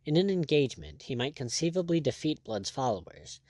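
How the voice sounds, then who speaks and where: Male audiobook narrator, measured storyteller, animated pitch, dry booth sound. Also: no echo. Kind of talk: scripted narration.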